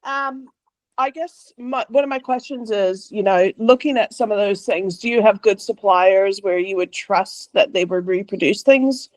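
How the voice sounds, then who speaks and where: Brief: Canadian woman, mid pitch, hesitant, dry video-call sound. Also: a little slow, no room sound. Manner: hesitant, some ums. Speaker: caller. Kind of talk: asking a question in online Q&A.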